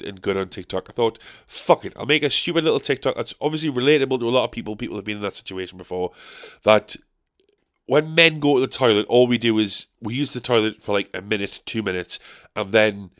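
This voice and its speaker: A man's voice: medium pitch, expressive, brisk. Rambling, cussing podcast guy. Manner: rambling, profane, self-mocking. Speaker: podcast host. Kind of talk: casual solo podcast monologue. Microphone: podcast microphone.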